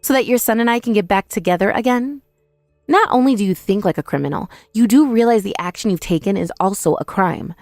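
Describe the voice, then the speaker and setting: A woman's voice: medium pitch, a little fast, darkish tone, no room sound, studio quality, soft background music. A young woman telling a first-person dramatized story in an indignant, accusing manner. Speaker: narrator and protagonist.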